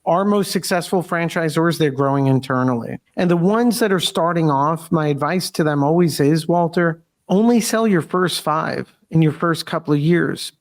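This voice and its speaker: A man hosts an interview and explains his points in a measured, steady way, restarting a sentence now and then. His voice sits slightly high for a man. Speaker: host, franchise lawyer. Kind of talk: interview conversation.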